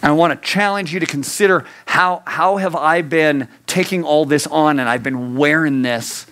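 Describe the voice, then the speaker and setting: A man preaching a youth sermon in an earnest way, swinging between raised urgency and hushed, close delivery and repeating phrases for emphasis. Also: fairly high pitch, moderate pace. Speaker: youth pastor.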